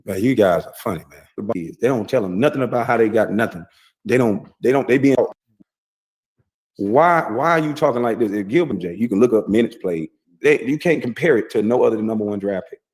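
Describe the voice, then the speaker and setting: A man's voice: on the low side, expressive, a little fast, a little mellow. A man, heard in a played clip, casually telling boastful, rambling stories with heavy profanity. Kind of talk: casual storytelling.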